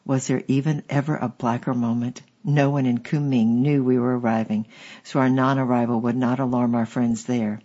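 Husky guy reading an audiobook, measured pace, kinda dull muffled sound. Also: mid-range voice. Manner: steady, measured storytelling. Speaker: audiobook narrator.

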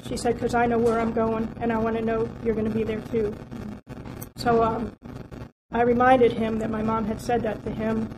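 A woman's voice: fairly high pitch, completely flat delivery, moderate pace, background noise. A woman sharing a heartfelt personal testimony from a church outreach, talking in a rambling way with many fillers and restarts.

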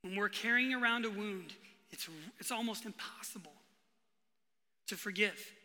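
High, bright-voiced male preacher in a hall. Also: normal speed. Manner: preaching with sudden bursts of emphasis and hushed drops. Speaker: pastor. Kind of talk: sermon. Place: church hall.

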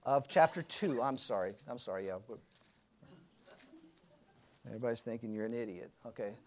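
A man's voice: mid-range voice, lively intonation, fast talker, a little hiss or hum. A man teaching an adult Sunday school class in a conversational way, asking the group questions and correcting himself as he goes.

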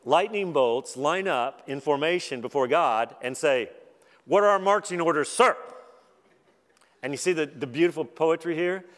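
A man's voice: mid-range voice, clear, resonant tone. Man preaching in a reverberant hall. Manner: conversational, self-deprecating preaching with laughs. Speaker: conference speaker. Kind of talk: sermon.

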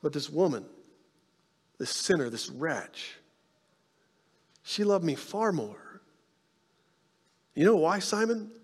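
A male pastor preaching a sermon, telling stories with animated energy and dropping to hushed tones to make his point. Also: a little high, takes it slowly, pauses often, slightly rough, big-room sound. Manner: animated storytelling, drops to soft hushed tones for emphasis.

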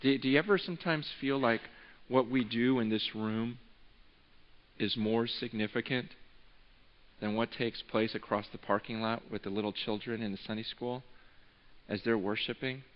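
A young adult man preaching a conversational, animated sermon to his congregation, stumbling and restarting as he goes. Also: mid-range voice, moderate pace. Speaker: pastor. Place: church sanctuary. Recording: dull sound with long hall reverb.

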